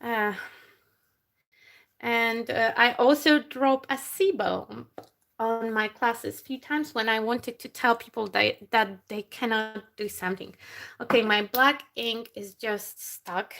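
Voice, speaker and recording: A woman's voice: a little high, fairly even intonation, gravelly, fairly bright tone. A woman with a non-native English accent hosting a casual craft live stream, chatty and laughing as she works, with slushy sh sounds. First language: not English. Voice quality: slushy sh sounds, slow and halting. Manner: chatty, laughs often, talks while working.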